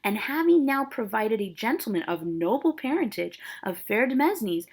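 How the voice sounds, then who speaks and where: A woman's voice: fairly high pitch, sing-song, normal speed, creaky, a little mellow, heavily acted. Woman reading as a furious domineering father. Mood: angry. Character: angry domineering father, middle-aged man.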